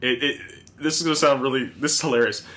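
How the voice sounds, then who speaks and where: A man's voice: mid-range voice, fairly even intonation, quick pace, fairly bright tone. A man on a casual podcast telling a work story as a profane, laughing rant. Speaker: podcast co-host. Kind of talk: casual chat.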